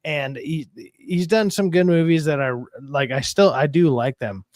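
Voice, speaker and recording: Dude chatting on his stream, kinda high voice, swears a lot, dry close mic. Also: normal speed, dry recording. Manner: profane, animated storytelling. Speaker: stream host. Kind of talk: casual chat.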